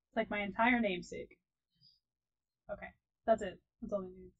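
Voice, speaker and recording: A woman chatting casually as she plays a co-op farming game, giggly and often trailing off softly. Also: fairly high pitch, normal speed, long pauses, lo-fi sound. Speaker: let's play host. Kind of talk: casual gaming commentary.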